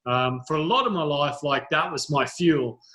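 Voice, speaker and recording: A man's voice: fairly high pitch, lively intonation, normal speed, bright, forceful tone. A middle-aged Australian man, a podcast guest, telling his story in a rambling, self-mocking way, restarting his sentences often. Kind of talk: casual storytelling in conversation.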